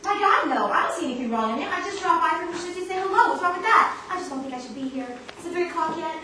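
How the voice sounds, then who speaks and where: A woman's voice: very high voice, lively intonation, very fast. A young woman playing a flustered, nervous married woman from New Jersey on a school stage. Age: teens. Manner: flustered, jittery, breathless. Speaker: student actor in a school play. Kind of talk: stage acting. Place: school stage before an audience. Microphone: far camera in the hall. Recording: echoey stage recording, far off, noisy.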